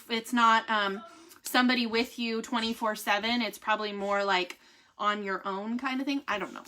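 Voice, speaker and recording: A woman talks openly to her viewers in a casual vlog. Her voice is bright and sits a little high. She laughs easily and speaks warmly of her faith. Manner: chatty, laughs often, candid and faith-minded. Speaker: vlogger giving a family health update. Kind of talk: casual chat to camera.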